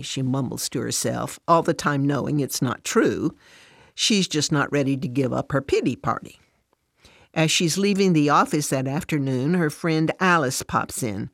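Low-voiced woman reading a devotional story. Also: expressive, normal speed, no echo, studio quality. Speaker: narrator.

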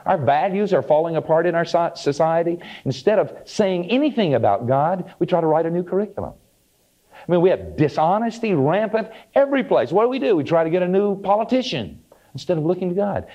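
Male preacher, emphatic sermon delivery, dark mellow voice, muffled old recording. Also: fairly high pitch. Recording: dull archival sermon tape.

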